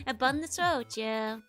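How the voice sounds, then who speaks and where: High-voiced Dutch woman, giggly stream chat. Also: sharp tone. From Netherlands. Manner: chatty, giggly, greets chat one by one. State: tickly, scratchy throat.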